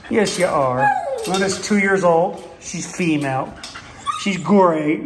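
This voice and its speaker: A man's voice: high-pitched, takes it slowly. A man volunteering at an animal shelter, walking through the kennels at night and talking fondly to each dog, slipping into baby talk. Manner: coos baby talk at the dogs. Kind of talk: casual walkthrough vlog. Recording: echoey kennel room, faint noise.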